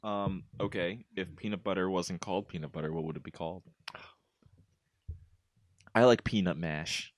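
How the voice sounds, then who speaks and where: A young man co-hosting a podcast, asking quick questions in casual chat, laughing often and filling with "like" and "um". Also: low voice, fairly even intonation, no room sound, studio quality. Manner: chatty, laughs often, hedges with "like" and "um".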